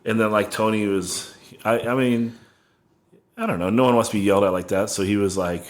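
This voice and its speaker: A man's voice: lowish voice, a little fast. A man in casual podcast chat, rambling through a tour story with constant "like" fillers.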